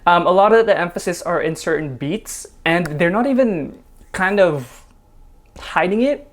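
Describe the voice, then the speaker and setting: A man hosting a casual dance reaction video, chatty, laughing often and filling pauses with ums. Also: high-pitched, expressive.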